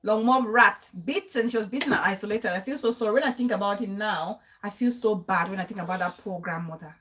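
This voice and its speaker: A woman's voice: mid-range voice, brisk, a bit bright. A young woman hosting a casual live-stream talk, chatting and repeating phrases for emphasis. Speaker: show host.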